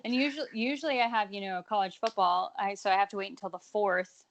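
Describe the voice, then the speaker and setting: A woman's voice: medium pitch, steady tone, quick pace, highs cut off, a little hiss or hum. A woman guesting on a casual sports podcast, rambling with lots of fillers and emotional.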